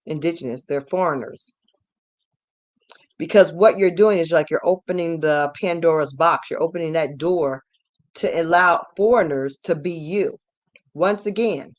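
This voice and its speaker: A woman giving an emphatic, repetitive ranting commentary as host of her channel, at times rising to shouts. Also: sits low.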